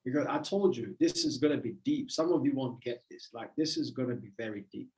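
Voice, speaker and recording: A motivational speaker gives a livestream talk in a warm, medium-pitched voice that runs a little fast. The delivery is emphatic and repetitive in a preacherly style, and the recording has a roomy echo.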